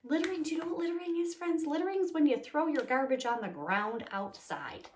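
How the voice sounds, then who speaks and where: A young woman teaching a remote lesson to small children, cheerful and encouraging, speaking slowly and clearly. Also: high-pitched, animated, darkish tone, a little hiss or hum. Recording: echoey room.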